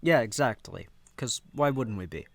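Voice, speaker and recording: A young man hosting a casual podcast from his dorm room, joking in a dry, deadpan way. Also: mid-range voice, moderate pace, gravelly, dry recording. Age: young adult. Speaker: podcast host.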